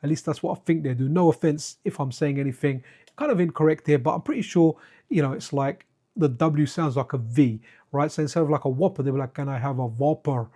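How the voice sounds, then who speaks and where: A man's voice: on the high side, a little fast, warm tone. A man chatting casually to his viewers on a live stream while playing retro games, wandering off into side stories and addressing chat by name.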